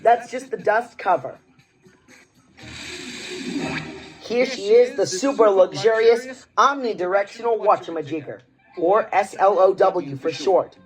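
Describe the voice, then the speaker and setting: A man voicing a reckless, showy grown-up talking cat in a fan dub, with boastful sales-pitch patter. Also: moderate pace, soft background music, natural voice. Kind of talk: fan dub of a film scene.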